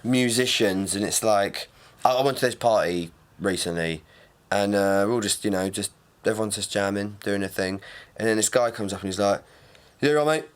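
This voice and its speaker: A young man co-hosting a casual podcast, with a voice sitting a little low. He jokes and swears freely, acting out the people in his stories as he goes. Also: steady tone, normal speed, clean tone. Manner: jokey, swears freely, acts out people he talks about. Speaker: podcast co-host. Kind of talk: casual chat.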